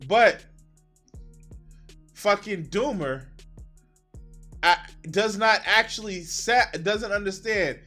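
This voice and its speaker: Male streamer, bright high voice, slow mocking reaction commentary, laughs a lot. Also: soft background music. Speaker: streamer reacting to a debate clip.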